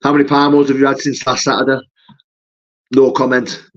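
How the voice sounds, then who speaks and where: A man's voice: medium pitch, monotone, racing, lo-fi sound. A man, a fighter chatting casually on his live stream and answering viewer comments, full of "mate" and "you know". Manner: matey, peppers talk with "mate" and "you know".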